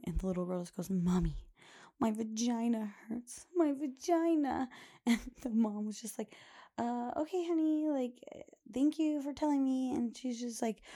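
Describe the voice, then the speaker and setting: A woman hosts her podcast in a chatty, rambling monologue, with a filler every few words. Her voice is gravelly and mellow. She sits at a middle pitch. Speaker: podcast host. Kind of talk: casual monologue.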